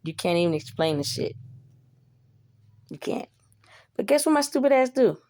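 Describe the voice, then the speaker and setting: A woman's voice: medium pitch, big pitch swings, moderate pace, warm tone. A woman telling a story to the camera in a casual, rambling way, swearing a lot and asking "you know?". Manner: profane, rambling, asks listener "you know?".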